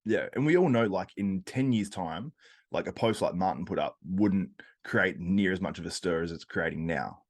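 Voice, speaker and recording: A man hosting a podcast, easygoing and quick to laugh, asking long rambling questions. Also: sits low. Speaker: podcast host. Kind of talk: casual chat.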